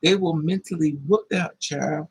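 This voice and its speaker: A man telling a story in a casual monologue, animated and acting out voices with high-pitched squeals. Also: a little slow, husky, poor audio. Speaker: live streamer.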